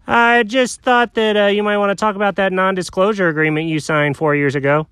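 A man's voice: high voice, steady tone, brisk, a bit bright, clean tone, no room sound, clean studio sound. A man voicing a touchy, secretive male squirrel who talks in a pushy, defensive way in a homemade comedy skit.

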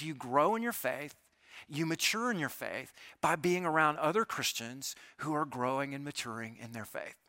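A pastor giving a conversational sermon, often asking the congregation rhetorical questions. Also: male voice, a little high, bright, forceful tone, no echo.

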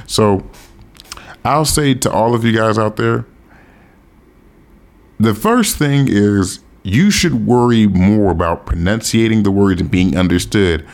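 An American man hosts his own podcast in a loose, candid solo chat, swearing freely as he talks. His voice sits a little low, but his pitch swings widely as he gets going. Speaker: podcast host. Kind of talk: casual solo podcast talk.

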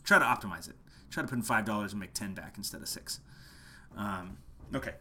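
A man's voice: lowish voice, animated, fairly quick, bright, forceful tone, slight background noise. A man who is a musician gives a casual, passionate marketing lesson at home late at night, hammering home his points by repeating them. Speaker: musician teaching online marketing. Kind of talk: casual marketing talk to camera.

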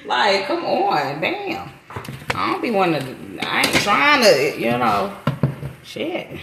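A woman hosting a casual podcast from her home kitchen, talking loudly in slang and laughing often. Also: medium pitch, wildly swooping pitch, slow pace, creaky, reverberant, background noise. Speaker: podcast host. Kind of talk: casual podcast chat while cooking.

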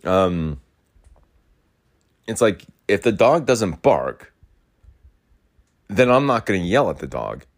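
Low-voiced young man ranting casually. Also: very animated, slow, pauses often. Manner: ranting, swears often, repeats himself. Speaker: podcast host. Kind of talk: rambling casual monologue. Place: rural home, in and out of doors.

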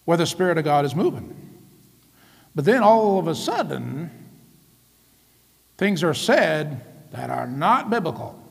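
A man preaching a sermon as pastor, lively, often laughing and calling out to the congregation. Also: a little high, a little slow, vocal fry, pauses often, husky, big-room sound. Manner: lively, laughing often, calls out "come on" and "right?".

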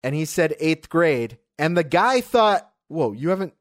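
A co-host in a casual film review chat, animated and emphatic, swearing freely. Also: medium pitch, measured pace.

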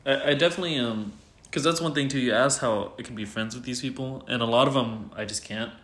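Fast-talking man in an echoey room. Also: medium pitch, a bit bright. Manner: rambling, frequent fillers and swearing. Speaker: guest. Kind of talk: candid casual conversation. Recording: roomy echo.

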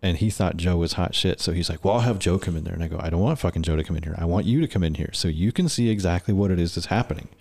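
Profane, very low-voiced man telling stories. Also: rapid-fire, vocal fry, hardly any pauses. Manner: profane, animated storyteller acting out quotes. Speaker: podcast guest. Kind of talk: casual storytelling chat.

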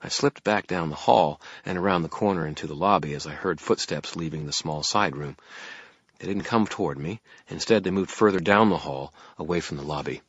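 A man's voice: deep voice, a little fast, a bit bright, breathy edge, dry recording. A man reading a first-person audiobook in a wry, dry manner. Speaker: audiobook narrator. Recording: muffled lo-fi recording.

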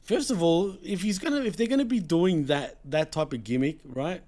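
A man in casual podcast chat about wrestling, laid-back, often trailing off with low, mumbled tag words. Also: normal speed, dark tone.

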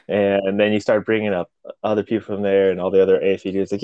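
A man telling loud, profane stories from his military years in a casual chat, laughing often. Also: fairly low pitch, racing, no echo, highs cut off.

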